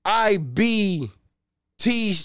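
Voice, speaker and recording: Young male stand-up: high, wildly swinging voice, profane street banter, dry close sound. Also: extremely slow, clear, resonant tone, no room sound. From Los Angeles. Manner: animated, profane, streetwise banter with shouted bursts. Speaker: stand-up comedian. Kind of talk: stand-up routine.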